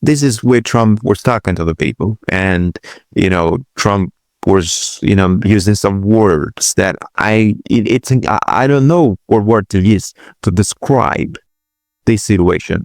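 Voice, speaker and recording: Hesitant low-voiced man reacting to clips. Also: animated, measured pace, creaky, darkish tone, no room sound, clean studio sound. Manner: hesitant restarts, incredulous exclamations. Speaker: political commentary host. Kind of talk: reaction commentary.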